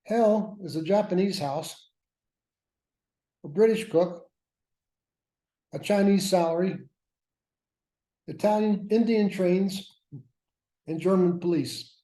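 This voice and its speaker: A man's voice: high voice, takes it slowly, pauses often, mellow. A man teaching a workshop class, lecturing with wry, self-mocking asides. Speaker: workshop instructor. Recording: roomy echo.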